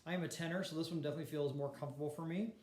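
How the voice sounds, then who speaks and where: A man teaching a vocal warm-up lesson, explaining breathing and demonstrating humming exercises with a piano. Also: a little high, rapid-fire. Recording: echoey room with piano.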